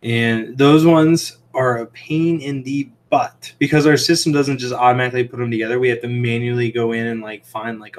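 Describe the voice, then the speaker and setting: A man's voice: medium pitch, fairly even intonation, normal speed, hardly any pauses. A man hosting a casual livestream from a home room lined with fish tanks, telling stories in a rambling way full of "like" and "um". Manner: chatty, tells anecdotes. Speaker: livestream host and aquarium shrimp seller.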